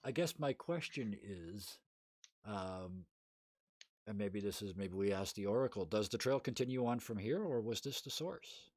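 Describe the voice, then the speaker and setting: A man's voice: on the low side, expressive, measured pace, darkish tone, dry recording, studio quality. A man playing a tabletop game, thinking aloud about his character's next moves in loose, easygoing chat. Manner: thinks aloud with fillers and restarts while planning moves. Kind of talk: casual role-play chat.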